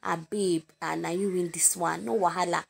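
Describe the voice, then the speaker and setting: A woman voicing a distraught young woman who feels mocked, in a high, loud, tearful protest. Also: fairly even intonation, normal speed, vocal fry, slightly rough, full character voice. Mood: upset, pleading.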